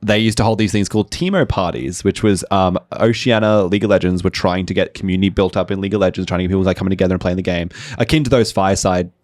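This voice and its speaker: A young man co-hosting a podcast, telling stories in a casual, animated way and acting out the people in them. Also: deep voice, very fast, hardly any pauses, no echo, clean studio sound. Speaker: podcast co-host. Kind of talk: casual storytelling chat.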